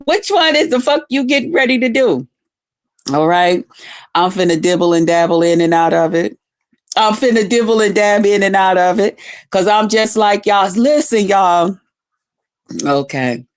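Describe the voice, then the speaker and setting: A woman's voice: mid-range voice, lively intonation, normal speed. A woman livestreamer chatting casually with her viewers, telling rowdy stories full of cursing and greeting people by name. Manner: profane, rowdy storytelling with heavy cursing; talks straight to viewers, greeting them by name. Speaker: livestreamer talking to her chat. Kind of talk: casual live chat.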